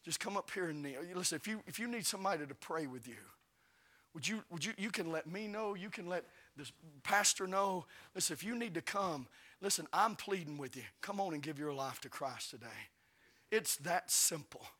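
A man preaching a sermon, telling stories fervently and rising to shouts. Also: sits high, brisk. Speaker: evangelist preacher.

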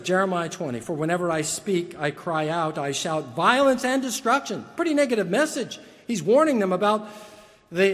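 High-voiced preacher in a reverberant hall. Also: male voice, a bit bright. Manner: earnest, emphatic preaching with repeated words and restarts. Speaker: pastor. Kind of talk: sermon. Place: church sanctuary. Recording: long reverb of a large hall.

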